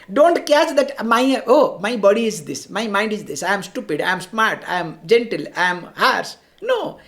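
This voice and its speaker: A woman teaching scripture in a fairly high voice. She explains slowly and patiently, and keeps posing questions that she then answers herself. Now and then she slips into quick Sanskrit chanting. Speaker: spiritual teacher. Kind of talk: scripture discourse.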